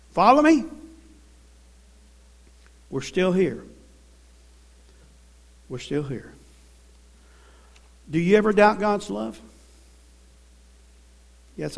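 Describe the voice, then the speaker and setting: Man, southern us accent, very high voice, folksy sermon, church congregation. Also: creaky. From American South. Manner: folksy storytelling with call-and-response. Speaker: preacher.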